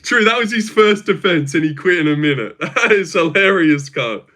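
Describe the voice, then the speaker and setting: A man's voice: high voice, animated, normal speed, pushed and bright. A young Australian man hosting a casual livestream, reading out viewer comments and chatting in a rambling, laid-back, slangy way. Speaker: livestream host.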